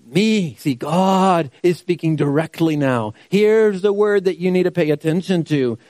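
A man preaching a sermon in a fairly high voice, recorded close and dry with no room sound. He keeps asking rhetorical questions and repeats key phrases to drive them home. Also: measured pace, a little mellow, dry recording. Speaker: pastor.

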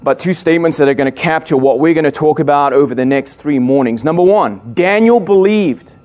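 Middle-aged male youth preacher, slightly high voice, jokes and builds emphasis. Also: fairly quick, darkish tone, muffled recording. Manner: playful, jokes with the audience, emphatic build-ups. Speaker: speaker at a youth gathering. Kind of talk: sermon to young people.

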